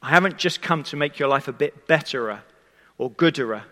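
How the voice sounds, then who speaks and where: Man, preacher, sermon, fairly high voice, conversational storytelling, long hall reverb. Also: animated, fairly quick, sharp tone. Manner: conversational storytelling, speaks directly to the congregation.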